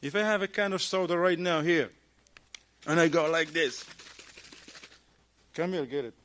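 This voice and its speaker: Lively, high-voiced man giving a mosque talk. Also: moderate pace. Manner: animated, asks the audience rhetorical questions; acts out little dialogues in shifting voices. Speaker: mosque lecturer.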